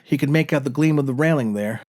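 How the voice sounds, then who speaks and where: A man's voice: mid-range voice, quick pace, a little mellow. A man narrating a comic short story aloud with a dry, wry delivery. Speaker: narrator reading his own short story.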